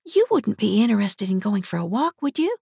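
A woman's voice: medium pitch, big pitch swings, brisk, creaky, mellow, husky, no echo, clean studio sound, voice pushed up, exaggerated voice. Narrator doing a shy, hesitant young woman. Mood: wistful.

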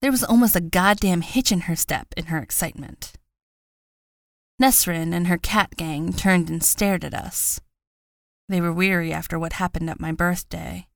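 Woman narrator for a first-person audiobook; lower register, wry understated read, dry studio sound. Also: moderate pace, gravelly, no echo.

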